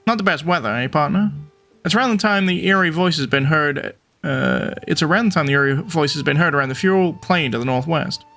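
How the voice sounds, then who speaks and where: A man's voice: on the high side, brisk, sharp tone, faint music behind. A man voicing an eager male bird reporter in a game, friendly and jumpy, who keeps calling the listener partner. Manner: upbeat, calls listener partner.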